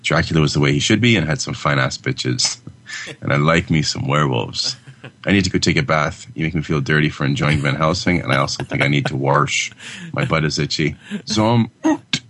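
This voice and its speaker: Podcast co-host, male, very deep register, crude humor, loose casual delivery. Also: fairly quick, fairly bright tone. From Canada. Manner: crude, joking, laughs often. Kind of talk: casual crude chat, reading listener email.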